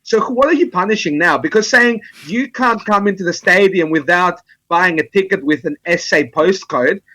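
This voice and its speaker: A man's voice: high-pitched, normal speed, pushed and bright, no echo, poor audio. A man speaking as a guest on a football panel, wry and amused.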